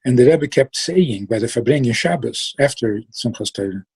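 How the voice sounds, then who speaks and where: A man telling a story in a relaxed way, slow and reflective, trailing off and restarting and sometimes acting out the people in it. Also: medium pitch, gravelly, breathy edge. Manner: acts out quoted voices with sudden outbursts.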